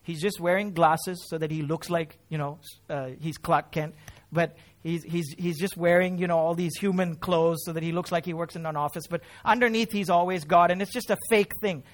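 A man preaching a sermon in church, emotional, building up loud on key phrases and then dropping low and quiet. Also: fairly even intonation, normal speed. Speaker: pastor.

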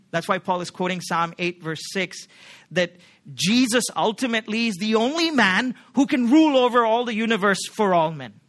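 A man's voice: sits high, fairly bright tone. A man preaching a sermon as pastor, emphatic, often asking the congregation questions like "right?".

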